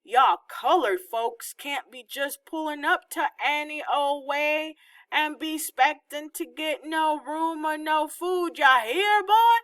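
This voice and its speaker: A woman voicing a joking father who fakes an exaggerated Southern drawl, loud and teasing. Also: high voice, takes it slowly, pitched above the performer's own voice. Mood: teasing, mock-stern.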